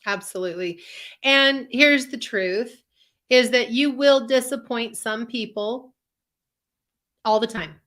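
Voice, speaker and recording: A woman's voice: a little high, slow pace, long pauses, a bit bright. A woman co-hosting a live online self-help show, talking in an upbeat, earnest, encouraging way over a video call. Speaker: co-host, empath coach.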